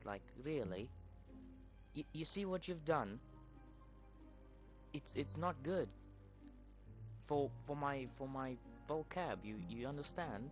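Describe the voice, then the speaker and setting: A man's voice: medium pitch, expressive, takes it slowly, long pauses, faint music behind. A man streaming a game, reacting bluntly and mocking the characters, with frequent swearing. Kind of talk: gameplay commentary.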